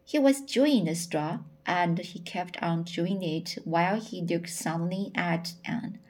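Woman narrator for a classic novel, slow and halting, many restarts. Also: fairly low pitch, a little mellow. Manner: halting, frequent repeats and self-corrections. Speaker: audiobook reader. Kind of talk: audiobook narration.

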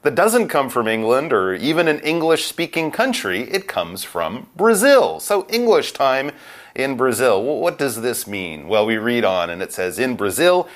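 A man co-hosting an English lesson, explaining a phrase to learners with clear, patient delivery and acted example quotes. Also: mid-range voice, very animated, moderate pace. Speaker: co-host of an English lesson podcast.

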